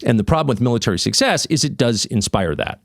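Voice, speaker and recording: A man's voice: mid-range voice, expressive, fast talker, creaky, no room sound, clean studio sound. A man hosting an opinion monologue, sardonic and mocking. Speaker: host.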